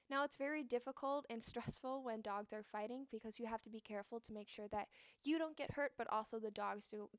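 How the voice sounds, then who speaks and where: A young woman, a college student and guest, giving a steady, organized account of a personal experience. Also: a little high, clear, resonant tone, no echo, studio quality. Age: young adult.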